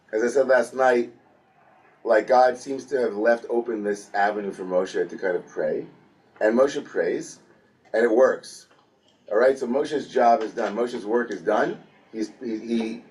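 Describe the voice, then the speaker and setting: A man leading a casual Torah study class, telling the story in a lively way and acting out the characters with humor. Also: mid-range voice, unhurried, far from the mic. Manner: lively storytelling, playfully acts out biblical characters, frequent restarts.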